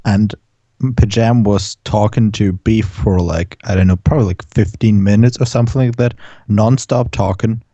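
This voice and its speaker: A man's voice: lowish voice, moderate pace, warm tone, breathy edge, dry recording, highs cut off. A man on a podcast chiming in with short remarks and laughs. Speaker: podcast co-host. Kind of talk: casual podcast chat.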